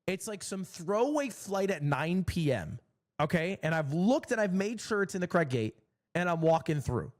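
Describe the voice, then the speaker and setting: A young man streamer telling a long, exasperated story in a casual, swearing, animated way. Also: high-pitched, normal speed.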